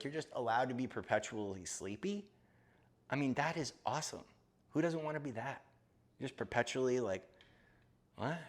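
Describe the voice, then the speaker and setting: Lively, chatty man from Florida. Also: medium pitch. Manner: chatty, jokey, talks to his cat. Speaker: gardening streamer. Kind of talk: casual live-stream chat.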